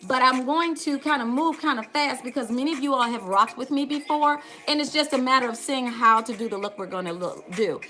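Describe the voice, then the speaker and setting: Hosting a casual live makeup tutorial, a middle-aged woman talks fairly quickly with few pauses in a high, bright, forceful voice. She's chatty, greeting viewers by name and calling out to "y'all."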